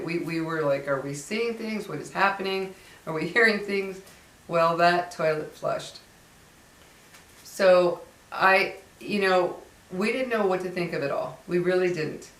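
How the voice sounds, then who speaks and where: A woman's voice: on the low side, recorded from a distance. A middle-aged woman telling a personal ghost story in a chatty, rambling way, full of fillers and restarts. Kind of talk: casual storytelling. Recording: roomy sound from away from the mic.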